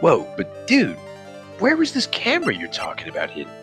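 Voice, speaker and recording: A man's voice: on the high side, huge pitch swings, a little fast, over music. A man voicing a laid-back young surfer dude with a drawling, slangy, evasive manner, fan voice acting a game. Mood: startled.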